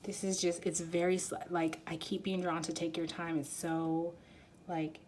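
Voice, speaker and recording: A woman giving an intuitive card reading, rambling and halting with many fillers and growing emotional as she talks. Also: lowish voice, little pitch movement, darkish tone, a little hiss or hum. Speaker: tarot reader. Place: quiet room at home.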